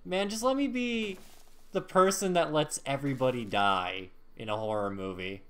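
A man's voice: medium pitch, moderate pace, a bit bright, clear, resonant tone. A man in casual gaming banter with a friend, joking and defensive, laughing often. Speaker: gamer co-streaming.

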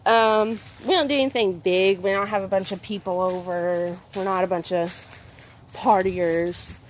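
Out in her backyard, a young mother vlogs casually to her phone camera in a folksy way, now and then turning to talk to her little daughter. Her mid-range voice is steady and measured, with a little hiss or hum.

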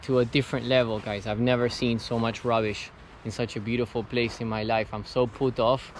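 Young guy ranting to his camera outside, fed up and exasperated, mid-range voice, bit of faint noise behind. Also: mid-range voice. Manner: frustrated, ranting. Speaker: vlogger. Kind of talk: outdoor vlog. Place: outdoors on a lake island.

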